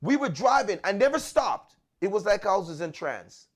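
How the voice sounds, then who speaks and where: A man's voice: high voice, very animated, normal speed. A man hosting a podcast, telling a personal story in an earnest, conversational way and often repeating words as he restarts. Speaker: podcast host.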